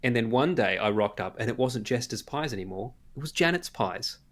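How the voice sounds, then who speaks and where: A man in his thirties co-hosting a podcast, chatting casually and telling animated stories about his daughter, with plenty of swearing. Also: mid-range voice, fairly quick. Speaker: podcast co-host. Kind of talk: casual chat.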